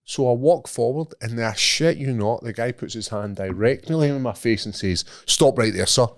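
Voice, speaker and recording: A man's voice: mid-range voice, normal speed, no echo, clean studio sound. Sweary Scottish man telling a story. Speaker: podcast co-host. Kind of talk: casual storytelling chat.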